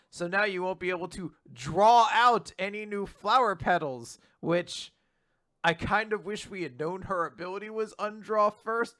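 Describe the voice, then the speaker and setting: Bright-voiced man recapping manga casually. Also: high-pitched, no echo, studio quality. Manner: animated, swearing, acts out dialogue in voices. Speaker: podcast co-host recapping manga. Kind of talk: casual chat, acting out quoted lines.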